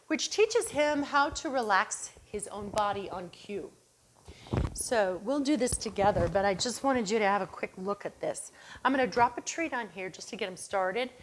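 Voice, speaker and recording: A woman dog trainer showing training cues and explaining them, calm and encouraging, with bursts of excited calling to the dog and soft low praise. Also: a little hiss or hum.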